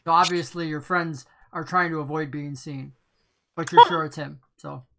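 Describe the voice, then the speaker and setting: A woman's voice: low-pitched, steady tone, moderate pace, vocal fry, heavy background noise. A woman narrating as game master in a casual tabletop role-play session, laughing often and briefly voicing other characters.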